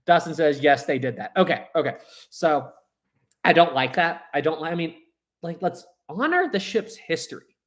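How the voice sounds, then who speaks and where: An animated young man chats on a live stream, rambling and restarting his sentences as he answers viewers. His voice sits a little higher than most men's. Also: moderate pace. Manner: reads viewer chats aloud. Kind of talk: casual live stream chat.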